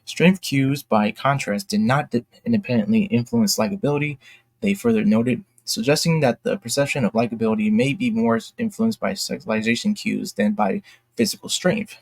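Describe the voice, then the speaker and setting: A man with a gravelly, slightly husky voice reads a news article aloud and comments on it. He trips over words now and then and adds quick apologetic asides. The recording is dry and close, with no room sound. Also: mid-range voice, lively intonation, no room sound. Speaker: YouTube commentator.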